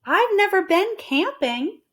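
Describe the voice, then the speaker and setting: An eager, literal-minded young housekeeper, as a woman reads her aloud in a storybook. She talks in a high, earnest voice that climbs and dips widely, full of wide-eyed questions. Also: big pitch swings, takes it slowly, fairly bright tone, full character voice. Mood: eager, puzzled.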